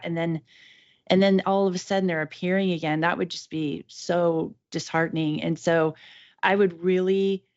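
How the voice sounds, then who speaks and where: Chatty woman, low voice, dull audio. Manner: chatty, effusive, many restarts. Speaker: patient guest. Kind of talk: casual podcast conversation.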